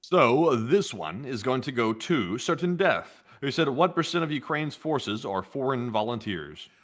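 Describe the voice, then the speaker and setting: Co-host guy reading out super chats, plain even delivery, average pitch. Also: a little slow. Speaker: co-host reading viewer messages. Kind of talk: reading chat messages aloud.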